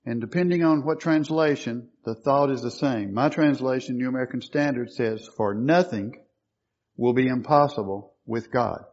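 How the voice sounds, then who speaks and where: A man's voice: mid-range voice, normal speed, a little mellow. Guy preaching a sermon, punches key words, kinda muffled lo-fi recording. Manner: emphatic, quoting scripture with rising stress.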